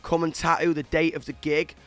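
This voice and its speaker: A young man from northern England with a northern English accent, chatting excitedly as a guest in a casual interview and repeating himself as he talks. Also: on the high side, fairly quick, faint music behind. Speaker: guest musician.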